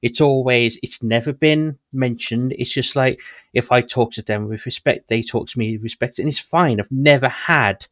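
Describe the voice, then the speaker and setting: A man's voice: medium pitch, moderate pace, fairly bright tone, no room sound. A man chatting casually, hesitant and blunt, with many restarts. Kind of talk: casual stream chat. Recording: dull dry lo-fi mic.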